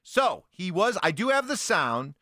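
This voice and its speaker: A man hosting morning sports talk radio, chatting in an animated, conversational way. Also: high-pitched, measured pace, no room sound, studio quality. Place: radio studio.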